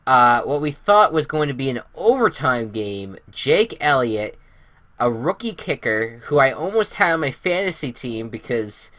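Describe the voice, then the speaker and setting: A man hosting a casual sports podcast, chatting through the week's games. He rambles, fills pauses with "uh" and restarts his sentences. The sound is dry and close, with no room echo. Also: medium pitch, sing-song, fairly bright tone. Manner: rambling, many fillers and restarts. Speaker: podcast host.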